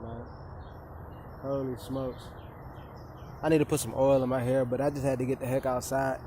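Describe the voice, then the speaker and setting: A man's voice: mid-range voice, flat delivery, moderate pace, long pauses, background noise. A young man ranting heatedly and profanely outdoors in a vlog, repeating himself as he vents. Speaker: vlogger and coach.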